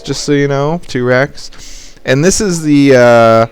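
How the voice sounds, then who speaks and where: A man's voice: slow pace, hardly any pauses. A young man giving casual, joking commentary over a strategy game at his computer, explaining tactics. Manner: joking, playful, jumps into high squeaky voices when quoting. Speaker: game caster and coach.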